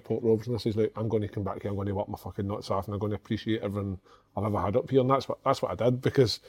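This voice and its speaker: Male ex-player, rapid sweary anecdote-teller. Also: medium pitch. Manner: swears freely, animated storyteller. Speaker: former footballer guest. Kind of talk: casual storytelling chat.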